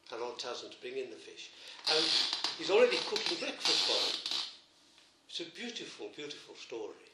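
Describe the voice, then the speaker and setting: A man, a priest, preaching a sermon, retelling a gospel story gently with emphatic repetitions. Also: mid-range voice, big pitch swings, normal speed, roomy sound, very noisy.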